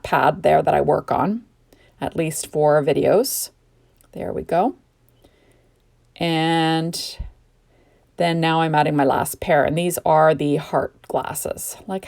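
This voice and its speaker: A middle-aged Canadian woman with a deep, gravelly, darkish voice narrates a home crafting tutorial on card-making. She's sleepy and yawning, yet chatty and gushing, drifting into rambling asides.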